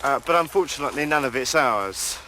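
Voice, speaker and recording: A man's voice: mid-range voice, lively intonation, fairly quick, bright, forceful tone, a little hiss or hum. A man presenting a comic documentary with a dry, bumbling manner. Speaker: comedy presenter.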